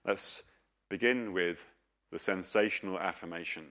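A man's voice: mid-range voice, moderate pace, fairly bright tone. A middle-aged man preaching a sermon, earnest and questioning, with homely stories.

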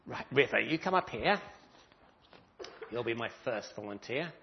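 Animated minister telling children a story. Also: male voice, medium pitch, measured pace, creaky, muffled recording, slight background noise. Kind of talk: children's talk in a church service. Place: church.

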